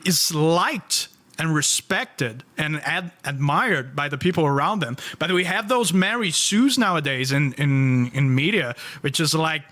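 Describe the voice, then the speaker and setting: Man, thirties, bright and slightly high voice, opinionated, halting delivery. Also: lively intonation. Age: 30s. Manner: emphatic, opinionated, halting restarts. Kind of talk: casual chat.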